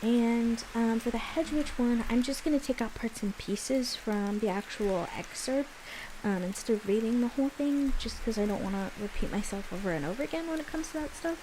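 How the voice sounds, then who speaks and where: A young woman with a higher voice gives a casual tarot reading, talking fairly quickly over some background noise. She's chatty, explaining the cards as she goes.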